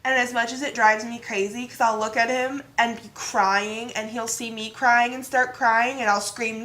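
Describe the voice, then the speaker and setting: Woman vlog host, casual banter, bright higher voice, echoey room. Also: moderate pace, few pauses. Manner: chatty, animated, fond teasing. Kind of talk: casual chat.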